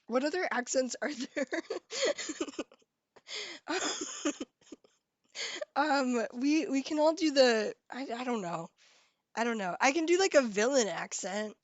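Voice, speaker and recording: Giggly high-voiced young woman streamer. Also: expressive, slow, pauses often, dry recording. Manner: giggly, chatty, reads chat aloud. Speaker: live streamer. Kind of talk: casual live-stream chat.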